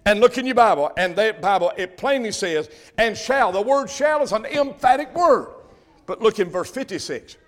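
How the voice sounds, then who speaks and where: An older man, preaching a sermon with impassioned bursts of loudness on key words. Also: high voice, animated, normal speed. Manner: impassioned preaching, swells loud on emphasis. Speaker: pastor.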